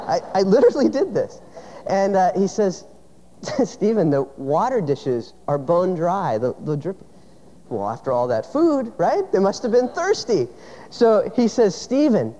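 A man's voice: fairly high pitch, sing-song, brisk, mellow. Man preaching in a reverberant hall. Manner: storytelling, conversational with rhetorical questions. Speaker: pastor. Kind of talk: sermon. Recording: dull sound with long hall reverb.

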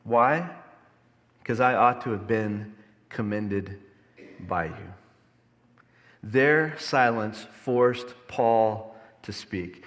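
A man preaching a sermon as a pastor, passionate and emphatic, swinging from loud lines to quiet, low ones. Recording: long hall reverb.

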